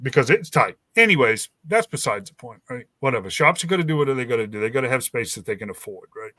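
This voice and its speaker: Talking fast in a mid-range voice, this host rambles through a story during a casual chat. He's animated, voicing the quoted dialogue as he goes.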